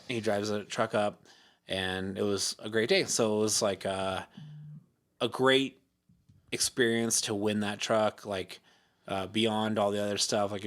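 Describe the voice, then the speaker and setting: Rambling, laughing man telling a story. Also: on the low side. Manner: rambling, laughs often, many fillers; acts out quoted lines in his story. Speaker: podcast guest. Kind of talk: casual storytelling chat.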